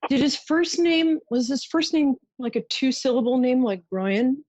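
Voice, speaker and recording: A woman's voice: high voice, animated, measured pace, darkish tone, no room sound. A woman hosting a psychic call-in show, soothing and full of endearments as she gives readings. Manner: soothing, showers callers with endearments. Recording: dull lo-fi dry sound.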